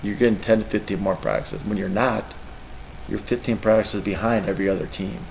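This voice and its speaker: A middle-aged man with a lowish, gravelly voice talks as a football coach at a press session. He rambles and gets emotional, and a faint room ambience sits behind him. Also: brisk, a little mellow, slight background noise, rough recording. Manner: emotional, rambling, tearful at times. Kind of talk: press conference answers.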